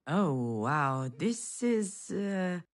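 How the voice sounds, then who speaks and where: A woman's voice: lowish voice, very animated, drawn-out words. A woman playing a story game and reading its text aloud expressively.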